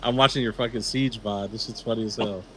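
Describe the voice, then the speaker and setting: A man's voice: fairly low pitch, steady tone, brisk, bright, forceful tone, a little hiss or hum. A man co-hosting a casual gaming chat, joking and teasing with casual swearing. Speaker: streaming show co-host.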